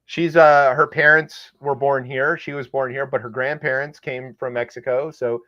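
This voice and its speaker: A man with a mid-range, bright, forceful voice co-hosts a comedic news podcast, keeping a level tone at normal speed. He rambles sarcastically with many fillers in casual news banter, recorded with dull lo-fi sound.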